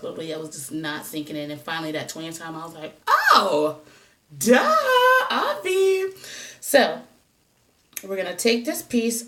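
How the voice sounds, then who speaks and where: A woman chatting casually through a hair how-to, rambling and joking at herself as she goes. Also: fairly low pitch. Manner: chatty, rambling, self-mocking. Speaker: hair vlogger. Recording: voice a bit distant from the mic.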